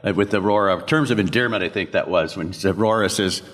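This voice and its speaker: Older guy, lowish voice, rambling panel stories w/ little impressions, big echoey hall. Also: fairly quick, a bit bright. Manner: rambling anecdotal, acts out others' lines and laughs. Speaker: voice actor, convention panel guest. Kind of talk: convention panel storytelling. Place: convention panel room. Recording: long echo of a convention hall.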